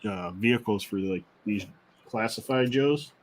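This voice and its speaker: A man in casual chat, telling stories in a relaxed way with plenty of restarts. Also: fairly low pitch, a little slow. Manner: relaxed storytelling with fillers and restarts. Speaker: co-host.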